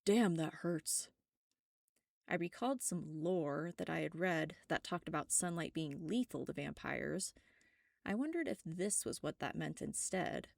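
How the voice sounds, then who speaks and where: Woman narrator, steady and wry, low gravelly voice, dry sound. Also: a little slow, no room sound. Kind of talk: first-person narration of a web serial.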